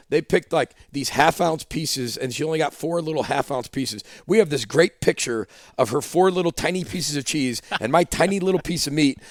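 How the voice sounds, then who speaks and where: The guest is a man whose voice sits fairly high, a head football coach animatedly narrating a story and acting out conversations in a relaxed podcast interview. There's no echo in the clean studio sound.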